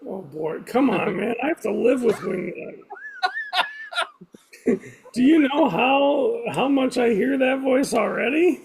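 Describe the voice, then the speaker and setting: Producer guy on a zoom call, high gravelly voice, slow and jokey. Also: lively intonation, very noisy. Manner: joking, teasing, laughing. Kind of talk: casual video call chat. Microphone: video call.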